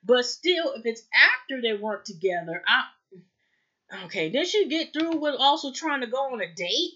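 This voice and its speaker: A woman talks through a reality show episode in a loose, rambling way, tossing asides straight to her viewers. Her voice sits a little high and sounds bright and forceful. The recording is dull and lo-fi. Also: very animated, moderate pace. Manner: rambling, chatty, addresses viewers as y'all. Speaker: reality TV review host. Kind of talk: casual recap chat.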